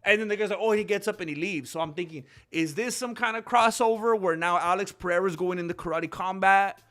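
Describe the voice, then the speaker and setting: A man hosting a casual livestream, rambling and animated as he chats with viewers. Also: high voice, a little fast. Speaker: livestream host.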